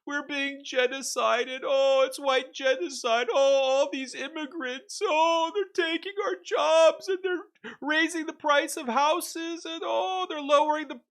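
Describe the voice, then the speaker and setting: A man mockingly voicing a sobbing, self-pitying male complainer in a high, wailing whine. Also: fairly even intonation, a little slow, a bit bright, full character voice.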